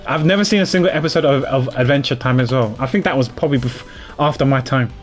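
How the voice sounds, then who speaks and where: A man's voice: medium pitch, fast, faint music behind. A man streaming a video game, chatting casually and poking fun at himself. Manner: chatty, self-mocking, rambling. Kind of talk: casual livestream commentary.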